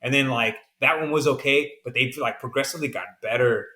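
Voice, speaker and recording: A man's voice: mid-range voice, fast, sharp tone. A man from the American South co-hosting a podcast in casual chat, laid-back and rambling, calling his friend "man". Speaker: podcast co-host.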